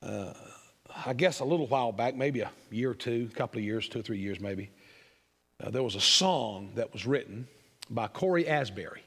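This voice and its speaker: A man preaching a sermon, building emphatic repeated phrases and dropping low and quiet for asides. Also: animated, normal speed, slightly rough, long reverb tail. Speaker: pastor.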